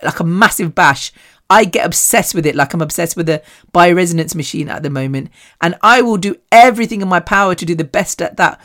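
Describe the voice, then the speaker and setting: An animated, chatty woman hosts a podcast of solo personal storytelling. She laughs often and her pitch swings widely.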